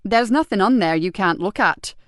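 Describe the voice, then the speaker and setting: A woman's voice: mid-range voice, animated, moderate pace, fairly bright tone, dry recording, clean studio sound, close to an everyday voice. A woman reading an audiobook, voicing a mild, matter-of-fact husband in a plain everyday voice.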